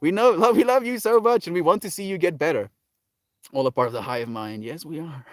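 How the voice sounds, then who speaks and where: A man's voice: fairly high pitch, a little fast, no echo. A man hosting a casual livestream, reading viewer comments and answering with earnest encouragement and frequent laughs. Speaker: livestream host.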